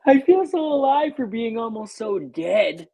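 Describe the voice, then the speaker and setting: A woman's voice: fairly high pitch, big pitch swings, slow pace, warm tone, slightly rough. A woman hosting a podcast in casual chat, reacting with short, joking comments. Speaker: podcast host.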